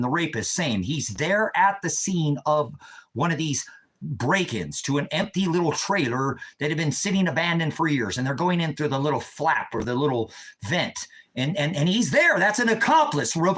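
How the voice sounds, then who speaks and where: Agitated ranting man, higher voice. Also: low-quality recording. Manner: agitated, ranting, shouts in retold quotes. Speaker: ministry video host. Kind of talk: impassioned monologue.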